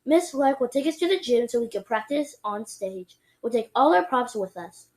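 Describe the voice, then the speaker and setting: Woman reading as a gentle, patient teacher. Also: a little high, lively intonation, moderate pace, lightly acted. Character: kind female schoolteacher, calm and patient.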